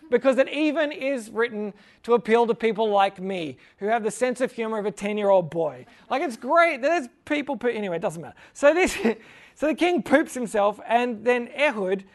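A man giving a casual, humorous Bible talk, joking and chuckling, often saying "like" as he retells the story. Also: very high voice. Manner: jokey, chuckling, fills talk with "like". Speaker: Bible teacher.

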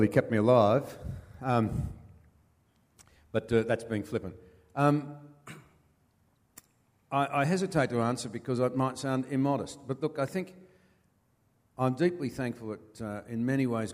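An older man with an Australian accent, a former politician telling folksy stories as an interview guest, pausing with many fillers. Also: mid-range voice, darkish tone, in a large hall. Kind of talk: anecdotal storytelling.

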